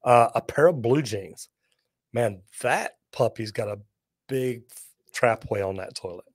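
A man hosting a live plumbing Q&A, telling lively folksy stories and joking as he reads viewer comments. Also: mid-range voice, a little slow, dry recording, studio quality. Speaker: plumber and show host.

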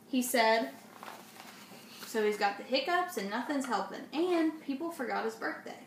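A woman reading a children's picture book aloud, expressive, with asides to young listeners. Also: on the high side, normal speed, echoey room, slight background noise. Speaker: storybook reader.

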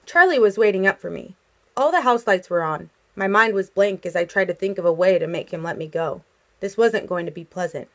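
Woman casually reading a novel aloud. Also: medium pitch. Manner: expressive, casual intro. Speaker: audiobook reader. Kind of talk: amateur audiobook narration.

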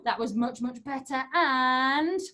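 A woman's voice: sits high, slow, heavy background noise. A young woman hosting an online children's magic show, talking playfully and coaxingly to young kids and a puppet.

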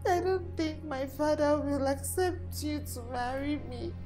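An anxious young Nigerian daughter. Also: female voice, high voice, measured pace, dark tone. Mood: pleading. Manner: pleading, urgent. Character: young woman torn between father and lover, anxious. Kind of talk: Nollywood film acting. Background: film score music.

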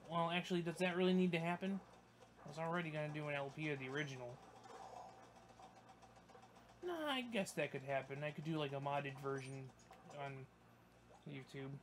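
A young man commentating his gameplay, swearing a lot and breaking into yelps and shouts when things go wrong. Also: on the high side, brisk, long pauses. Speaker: gaming YouTuber. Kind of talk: let's play commentary.

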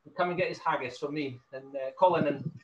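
A man's voice: a little high, fast, dull audio. A man chatting as a guest and telling a rambling story. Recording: roomy with faint noise.

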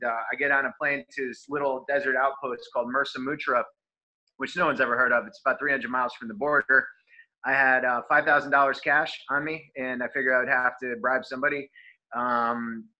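A man with a very bright, forceful voice tells a travel anecdote in loose, animated chat, full of fillers and quoted exchanges. The sound is muffled and lo-fi, like a video call. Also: medium pitch. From United States. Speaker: interview guest, traveler. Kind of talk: casual storytelling.

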